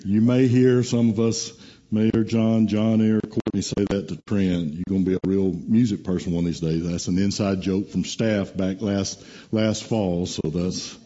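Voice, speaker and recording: Male pastor, casual and storytelling, dark warm voice, muffled lo-fi capture. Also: fairly low pitch, level tone, normal speed. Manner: folksy, casual, teasing, storytelling. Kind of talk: sermon. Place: church.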